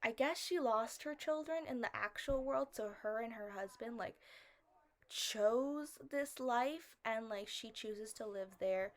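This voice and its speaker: A woman's voice: a little high, measured pace. A woman giving a casual, rambling film review, filling almost every phrase with "like" and asking questions about the plot. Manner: rambling, fills with "like" constantly; puzzled, questioning.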